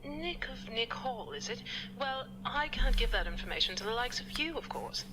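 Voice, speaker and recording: An actress voicing a pompous, condescending psychiatrist in a game. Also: female voice, on the high side, sing-song, moderate pace, background noise. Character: pompous, snobbish psychiatrist doctor. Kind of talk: video game voice acting.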